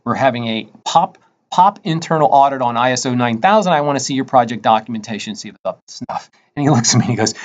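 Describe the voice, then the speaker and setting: A man's voice: medium pitch, fast. A man giving a casual recorded course lecture, often tagging his points with "right?" and acting out bits of dialogue. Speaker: instructor.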